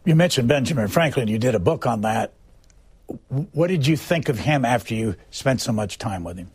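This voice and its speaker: Guy interviewing an author, husky voice, casual questions, dry close mic. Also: mid-range voice, expressive, brisk, darkish tone, no echo. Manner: plain, conversational questioning. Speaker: interviewer, host.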